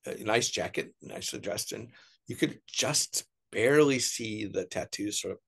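A middle-aged American man telling stories as an interview guest, animated, putting on voices for the people he quotes. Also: on the low side, moderate pace, gravelly, breathy edge. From United States. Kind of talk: casual storytelling interview.

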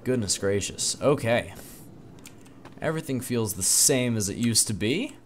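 A man records excitable let's-play commentary in a room at home at night. His voice swoops lively up and down as he exclaims and talks to himself, with faint keyboard typing behind him. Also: medium pitch, measured pace, a little hiss or hum. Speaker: gaming channel host.

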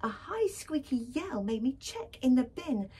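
A woman's voice: high-pitched, very animated, unhurried, warm tone, distant mic, a little hiss or hum. A woman voicing a kind female school cleaner in a read-aloud storybook, telling how she found a lost book. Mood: relieved.

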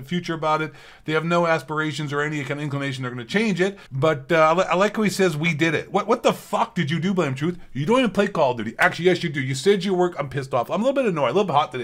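A man with a fairly high voice rants straight to camera as a gaming commentator. His delivery is profane and heated, full of sarcastic jabs and repeated phrases. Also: fairly bright tone. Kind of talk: ranting video commentary.

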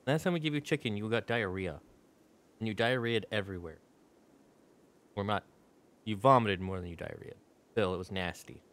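A man's voice: lowish voice, normal speed, long pauses, fairly bright tone. A man chatting playfully with his viewers while streaming a game. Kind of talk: casual live-stream chat while gaming.

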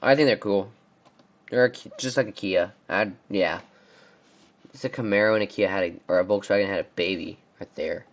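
A man's voice: lowish voice, a little fast, dull audio, slight background noise. A young man from the United States giving casual, rambling commentary on car brands, often stumbling over names. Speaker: car reviewer. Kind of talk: casual commentary on a tier list.

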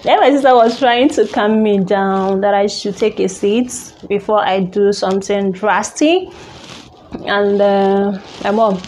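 A woman telling a personal story in a halting, emotional way, full of restarts. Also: mid-range voice, darkish tone, slight background noise. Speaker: vlogger.

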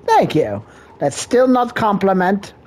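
A man's voice: sits high, sing-song, slow. A man giving profane, mocking reaction commentary on a game video, laughing often between crude jokes.

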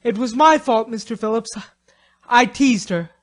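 An earnest schoolboy, voiced by a woman in an audio drama, pleading in a fairly high voice. He sounds eager to make amends. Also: measured pace, close to an everyday voice. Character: cocky schoolboy, eager and apologetic.

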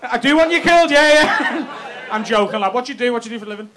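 A man's voice: extremely high pitch, lively intonation, fast, bright, forceful tone. A man with a Liverpool accent doing brash, sweary stand-up crowd work in a comedy club. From Liverpool, England. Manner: brash, sweary, teasing banter. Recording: live club with audience noise.

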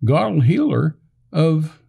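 Older man, gravelly and mellow voice, rambling storyteller, lots of uh and restarts. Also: on the high side, very animated, slow pace. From Texas. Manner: rambling, many fillers and restarts, acts out quoted dialogue. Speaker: minister telling a story on a podcast. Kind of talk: casual storytelling conversation.

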